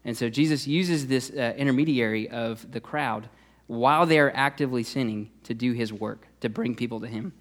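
Brief: male youth pastor, relaxed sermon delivery, mid-range voice, lots of fillers. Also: mid-range voice, moderate pace. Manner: conversational, many "uh" fillers and restarts.

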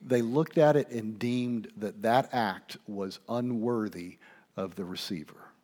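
A male pastor preaching a sermon, asking his listeners questions and swinging between hushed asides and loud emphasis. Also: lowish voice, unhurried. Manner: conversational, asks the congregation questions.

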